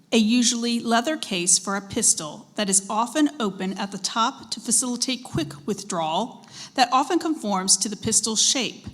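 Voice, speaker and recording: Her fairly high, slightly bright voice carries through a school event hall as she serves as the spelling bee's pronouncer. Words and their dictionary definitions come out measured and deliberate, and she nudges contestants along politely, announcing in a formal competition style.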